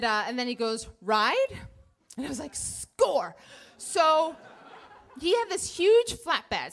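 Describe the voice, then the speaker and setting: High, lively woman telling a story. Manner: animated, acts out her own panicked inner voice. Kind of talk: live first-person storytelling on stage. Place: theater stage before an audience.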